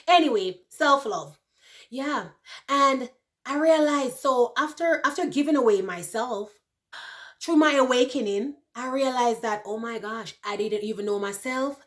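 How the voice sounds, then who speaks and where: A woman in her thirties talking casually to her viewers, animated, laughing often and checking in with "you know" and "right". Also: fairly high pitch. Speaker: vlogger. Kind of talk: casual chat to camera.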